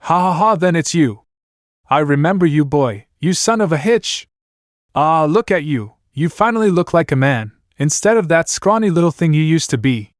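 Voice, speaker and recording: A man's voice: fairly high pitch, animated, normal speed, dry recording, studio quality, voice pushed up, lightly acted. A man voicing a stern older male noble lord who speaks bluntly and commandingly.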